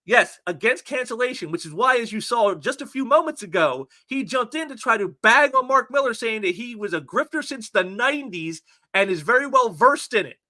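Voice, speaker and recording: A man's voice: very high-pitched, animated, a little fast, hardly any pauses, bright, forceful tone. A man hosting a casual commentary show, reading out online posts and mocking them sarcastically, often repeating his words. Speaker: commentary channel host.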